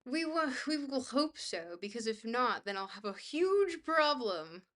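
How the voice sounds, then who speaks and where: A woman's voice: on the high side, very animated, measured pace, fairly bright tone. A young woman livestreamer chatting casually with her viewers, bubbly, goofy and self-deprecating. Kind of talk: casual chat, reading viewer messages.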